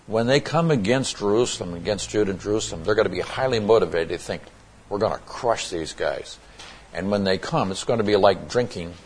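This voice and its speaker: A man's voice: deep voice, a little hiss or hum. A man teaching through a Bible passage in an explanatory way, often restarting phrases and adding emphatic asides.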